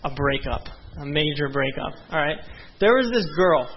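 A man's voice: a little high, expressive, moderate pace, a little hiss or hum. A young man preaching a sermon as a pastor, earnest and conversational, with frequent asides to the congregation. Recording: dull lo-fi sound.

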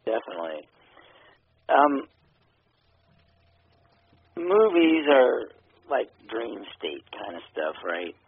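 Gravelly husky man on a phone-like line. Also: medium pitch, very animated, takes it slowly, pauses often, dry recording. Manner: hesitant, many ums and you knows. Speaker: filmmaker guest. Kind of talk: casual interview talk. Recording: phone-like radio audio.

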